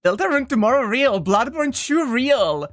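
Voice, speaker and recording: A streamer chatting casually with a co-host during a visual novel stream, scattered and self-interrupting, with quick laughs. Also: medium pitch, big pitch swings, background noise.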